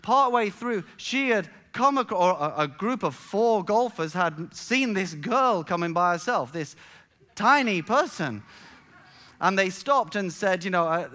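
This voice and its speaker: High-voiced pastor preaching. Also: male voice, lively intonation, bright, forceful tone. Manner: halting restarts, storytelling with emphatic build-ups. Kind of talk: sermon.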